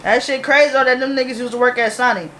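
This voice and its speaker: High, bright-voiced young woman ranting casually. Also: fairly even intonation, fast talker, a little hiss or hum. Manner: loose, profane slang-heavy storytelling. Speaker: reaction video host. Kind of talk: casual reaction vlog.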